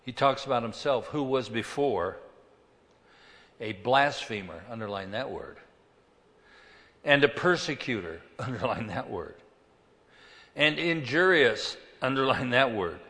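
A man preaching a sermon as pastor, swinging between loud emphasis and quiet asides. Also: medium pitch, expressive, a little slow, pauses often, big-room sound.

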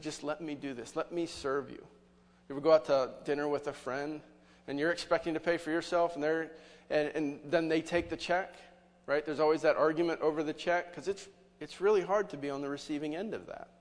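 Male pastor, sermon, chatty rhetorical style, voice a touch high, big sanctuary echo. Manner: conversational preaching with rhetorical questions. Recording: long hall reverb.

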